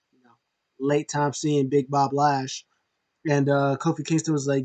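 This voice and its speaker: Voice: medium pitch, level tone, moderate pace, a little mellow. Rambling, filler-heavy recap host. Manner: rambling, many fillers and restarts; acts out quotes in jumpy put-on voices. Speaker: show host. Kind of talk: casual wrestling recap.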